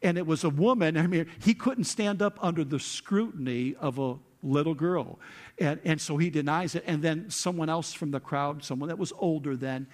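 Animated male preacher, slightly high voice. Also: normal speed. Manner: animated storytelling, acts out quotes with rising intensity. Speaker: pastor. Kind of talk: sermon.

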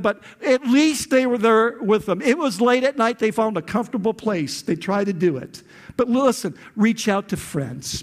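A male pastor preaching a sermon, often repeating words and building to passionate peaks. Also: high-pitched. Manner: preaching with rising intensity, frequent repeated words.

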